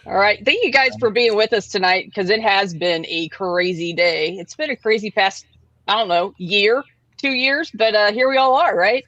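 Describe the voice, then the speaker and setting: A woman's voice: mid-range voice, moderate pace, fairly bright tone, no room sound. A woman hosts a casual livestream show. She is chatty, laughs easily and fills her talk with ums and uhs. The sound is dry and a bit dull, like a lo-fi home setup. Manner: chatty, laughing often, many fillers. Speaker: host.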